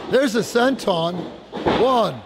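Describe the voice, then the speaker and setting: High-pitched guy calling wrestling, slow drawn-out delivery, lots of noise behind. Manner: excited, folksy, repeats phrases for emphasis. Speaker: wrestling commentator. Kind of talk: play-by-play commentary. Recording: noisy live recording.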